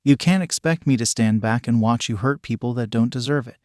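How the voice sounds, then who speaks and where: A man voicing a furious, shaken teenage boy who shouts back in defiance. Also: mid-range voice, brisk, no echo, studio quality, lightly acted. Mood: defiant.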